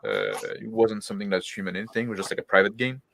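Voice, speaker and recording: A man's voice: lowish voice, big pitch swings, fast talker, vocal fry, a bit bright, no echo. A man who runs tabletop games, chatting casually on a stream, rambling with fillers. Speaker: game master. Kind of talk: casual group chat on a stream.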